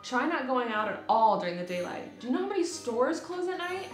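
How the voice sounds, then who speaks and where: A woman doing a huffy vampire with a fairly high voice and indignant tone. The room is echoey, with faint music behind. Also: very animated, fairly quick.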